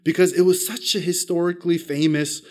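This pastor's sermon is a personal anecdote delivered fairly quickly and in a flat manner, though his pitch and loudness still swing sharply. He downplays himself and asks the congregation questions.

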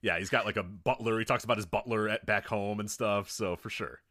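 A man co-hosting a podcast in easygoing casual chat, agreeable and quick to laugh. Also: fairly low pitch, steady tone, pushed and bright, no echo, studio quality. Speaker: podcast co-host.

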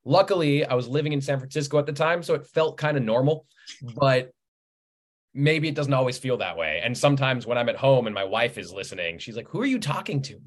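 Lively storytelling man. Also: mid-range voice, a little fast. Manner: lively storyteller, laughs often, acts out quoted lines. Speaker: writer, podcast guest. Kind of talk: casual interview chat.

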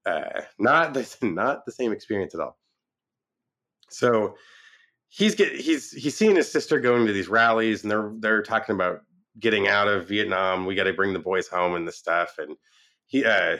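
A man casually reviewing a movie, retelling the plot with lively acted-out quotes and frequent restarts. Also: fairly low pitch. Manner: animated retelling, acts out quoted lines. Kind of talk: casual film review chat.

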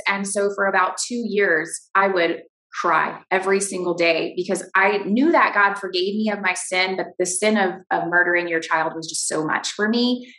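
A middle-aged woman giving a personal faith testimony as an interview guest, earnest and halting, often restarting her sentences. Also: medium pitch, sharp tone, roomy sound, rough recording.

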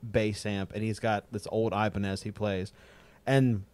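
A young man in casual podcast chat, rambling and animated, often imitating drum beats. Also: lowish voice, unhurried, smooth, no echo.

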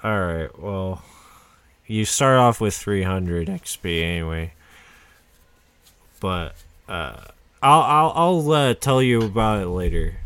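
A man's voice: deep voice, animated, slow pace, long pauses, fairly bright tone, smooth. A man running a tabletop game as game master, hesitant, with many fillers.

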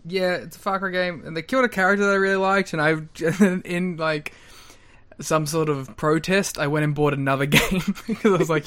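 A man's voice: on the high side, fairly even intonation, brisk, a bit bright. A man, co-hosting a podcast in laid-back, laughing chat. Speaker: podcast co-host. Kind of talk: casual chat.

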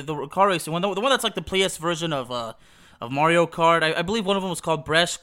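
A man's voice: high voice, pushed and bright. A young man hosting a podcast, rambling casually through nostalgic memories with many restarts and fillers. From Texas. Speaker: podcast host.

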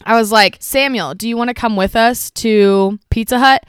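A young woman co-hosting a podcast, telling animated stories in slangy casual chat and swearing freely. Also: on the high side, normal speed, smooth, dry recording, clean studio sound. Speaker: podcast co-host.

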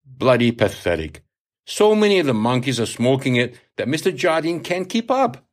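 A man's voice: mid-range voice, sing-song, normal speed, natural voice. A man reading aloud, voicing a crude, hard-drinking older male sea captain who swears and lectures. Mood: boastful. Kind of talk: audiobook reading.

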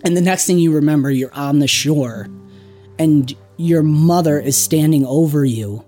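Tabletop game master, mid pitch, soft unhurried scene narration. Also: faint music behind. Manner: slow, drawn-out storytelling with soft drops in volume.

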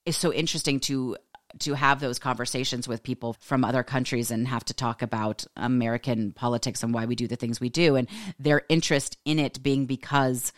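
A woman in her forties with a Californian accent, telling stories as a podcast host, fast-talking and animated and saying "like" a lot. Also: a bass voice, dry recording, studio quality. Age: 40s. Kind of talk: casual storytelling.

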